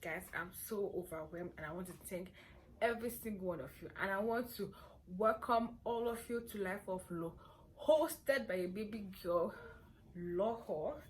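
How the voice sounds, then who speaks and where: Young nigerian woman, hoarse w a cold, chatty and sure of herself, bit of faint noise behind. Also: mid-range voice, moderate pace. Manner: chatty, playful and self-assured. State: hoarse from a cold and sore throat. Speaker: vlogger. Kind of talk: casual chat to camera.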